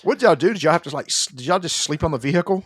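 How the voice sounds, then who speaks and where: An excitable man chats on a podcast. His voice is a little high and swings widely in pitch, and the close mic keeps it dry. He is jokey and swears now and then. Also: very fast, husky, no room sound. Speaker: podcast co-host. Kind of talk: casual chat.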